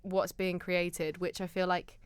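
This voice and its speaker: Smooth-voiced southern English actress, enthusiastic. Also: female voice, on the low side, level tone, a little slow, no echo. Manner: chatty and enthusiastic. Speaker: musical theatre actor, guest. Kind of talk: casual chat.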